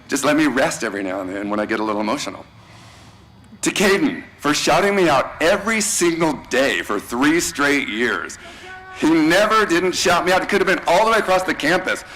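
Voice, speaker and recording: Male teacher, graduation farewell speech, warm and slangy, thanks students by name. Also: a little high, very animated, brisk, a little hiss or hum, low-quality recording.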